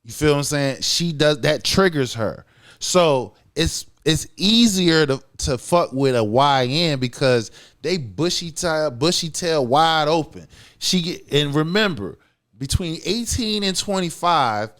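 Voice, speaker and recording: A man's voice: a little high, expressive, measured pace, a bit bright. Blunt, profane man holding forth. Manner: blunt, profane, emphatic, keeps asking "you feel what I'm saying". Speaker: podcast co-host. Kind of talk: casual podcast commentary.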